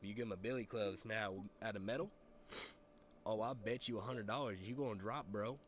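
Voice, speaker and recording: A man streaming, telling a story in a rambling, profane, animated way. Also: lowish voice, a little fast, slight background noise. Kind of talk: casual storytelling chat.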